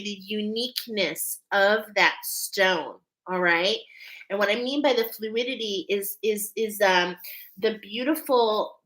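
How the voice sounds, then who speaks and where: Woman card reader going live: bright, emphatic delivery, emotional, preacher-like, always checking in with listeners. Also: medium pitch, poor audio. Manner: emphatic, checks in with "okay?" constantly. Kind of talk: live oracle card reading.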